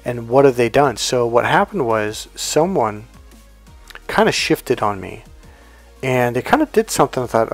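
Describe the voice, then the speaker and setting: A man's voice: mid-range voice, expressive, measured pace, faint music behind. A man in a life coach role, talking through an example in a casual teaching monologue and acting out the quoted dialogue. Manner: conversational, acts out quoted dialogue.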